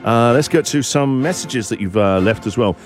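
A man's voice: medium pitch, normal speed, soft background music. A man hosting a breakfast radio show, joking with his co-hosts and reading out listener messages. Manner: joking, animated, reads listener messages aloud. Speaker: radio host.

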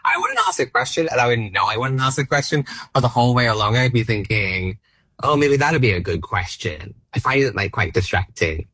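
A man's voice: medium pitch, very animated, fairly quick, few pauses, sharp tone, husky, no echo. A man in his thirties with an Australian accent, a stand-up comedian chatting as a guest, rambling and self-deprecating with plenty of "like". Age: 30s. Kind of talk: casual interview chat.

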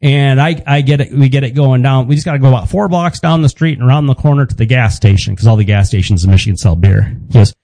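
A man putting on the voice of his older father, a frugal tinkerer who likes beer, telling a story in a halting, rambling way. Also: mid-range voice, gravelly, warm tone, no room sound, lightly acted.

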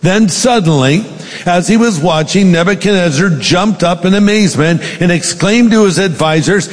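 A man's voice: high-pitched, moderate pace, long reverb tail. A male pastor preaching a sermon, reading scripture aloud with dramatic emphasis and then speaking directly to the congregation.

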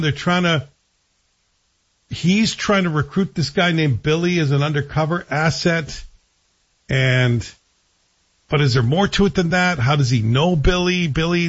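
A man giving a chatty, wry TV review in a casual, frank way. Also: a little high. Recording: dull lo-fi recording.

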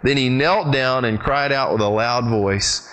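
A pastor preaching a sermon, retelling the story with lively, sweeping swings in his voice and speaking straight to his congregation. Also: measured pace. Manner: animated storytelling with big pitch swings; addresses the congregation directly.

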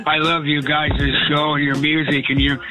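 A man's voice: a little high, level tone, normal speed, sharp tone, faint music behind, low-quality recording. Chatty man in his eighties on the phone. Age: 80s. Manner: rambling, effusive. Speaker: caller. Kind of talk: phone call to a radio show.

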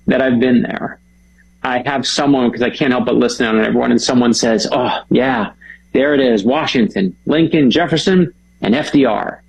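A man's voice: medium pitch, gravelly, breathy edge, dull audio. A man, an author and guest, chatting with enthusiasm and telling stories. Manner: enthusiastic storyteller, animated. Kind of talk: casual chat.

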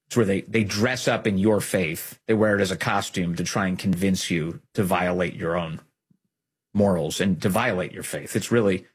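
A man's voice: deep voice, moderate pace, husky. A man hosting a conservative political commentary show, talking emphatically with urgent peaks.

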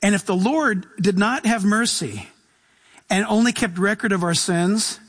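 A man's voice: sits high, unhurried, a bit bright, breathy edge. A middle-aged man preaching a sermon as a pastor, talking casually and enthusiastically and acting out the voices he quotes.

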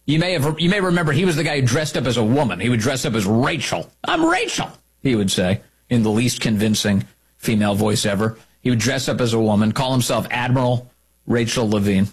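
A man's voice: mid-range voice, fairly quick, breathy edge. A man hosting a talk show, delivering an emphatic, opinionated monologue and repeating key lines for effect.

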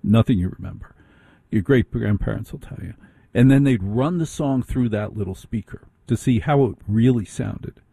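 A middle-aged male overnight radio host with a husky, mellow tone and a dry, close sound. He talks casually, with wry, self-deprecating asides, as he reads through listener mail. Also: mid-range voice, normal speed, dry recording. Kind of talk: casual radio talk reading listener emails.

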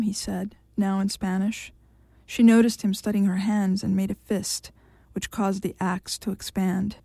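A woman narrating a novel aloud in an even, measured reading. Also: mid-range voice, vocal fry, no room sound, studio quality.

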